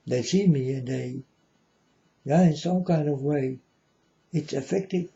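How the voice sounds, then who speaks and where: A man's voice: a little high, measured pace, creaky, dark tone, muffled recording. A man speaking in a rambling, profane monologue, often adding "you know", with non-native English grammar. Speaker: self-styled spiritual speaker. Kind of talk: casual spoken monologue.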